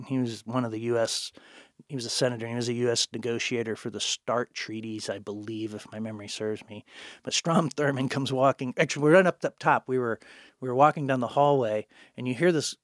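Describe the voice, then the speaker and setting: A man's voice: medium pitch, dry recording. Older man, casual podcast storyteller, laughs a lot, salty language, dry close sound. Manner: rambling, laughs often, swears freely. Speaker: podcast guest, bookstore owner.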